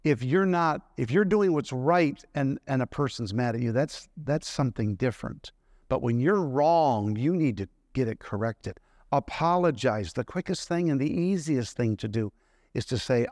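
A middle-aged man preaches a sermon, sharing personal stories conversationally and posing questions to the congregation. His voice sits on the high side with a darkish tone, recorded with studio quality and no echo.

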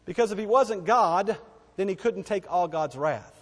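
A man preaching a sermon, emphatic, asking the congregation questions and swinging between loud declarations and hushed lines. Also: high voice, expressive, moderate pace, husky. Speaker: pastor. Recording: long hall reverb.

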